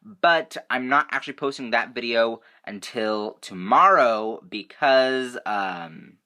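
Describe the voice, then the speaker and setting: A young man giving a casual, excitable, rambling review of a TV episode, full of fillers. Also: medium pitch, slow pace. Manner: excitable, rambling, many fillers like "you know" and "like". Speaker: TV review vlogger.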